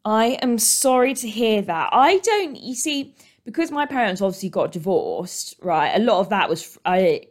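A British woman with a mid-range voice hosts her own podcast, very animated but at a normal speed. She talks into a desk microphone in a loose, rambling way, dropping plenty of ums and likes in her British accent.

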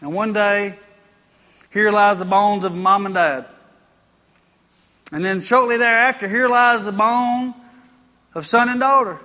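Male pastor, folksy sermon storyteller, bright tone, long hall echo. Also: high-pitched, steady tone, unhurried, long pauses. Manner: folksy storytelling preacher, rising to emphatic preaching. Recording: long reverb of a church hall.

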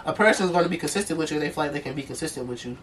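A man's voice: a little high, expressive, racing, fairly bright tone, a little hiss or hum. Chatty guy on a podcast, lots of "like" and "you know", sounds a bit far from the mic. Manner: loose, rambling, full of "like" and "you know what I'm saying". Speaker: podcast co-host. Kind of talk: casual chat.

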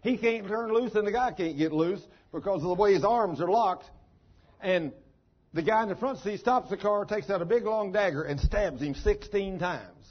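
A preacher telling a story in a sermon, folksy and emphatic. His voice sits high and has a husky grain. The recording sounds dull and muffled.

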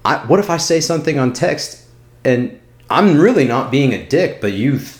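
A man co-hosting a podcast, chatting casually and swearing, with animated bursts. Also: medium pitch, moderate pace. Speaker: podcast co-host. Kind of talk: casual chat.

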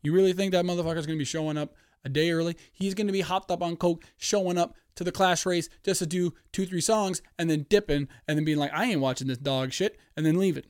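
Brief: rambling male podcast host with a slightly high, clear voice, swears often. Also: fast, hardly any pauses, no echo, studio quality. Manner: profane, animated, rambling. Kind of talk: casual solo podcast rant.

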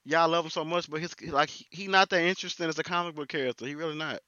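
A man co-hosting a casual chat, slangy and animated, often quoting himself. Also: on the high side, fast talker, no room sound, muffled recording. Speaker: podcast co-host.

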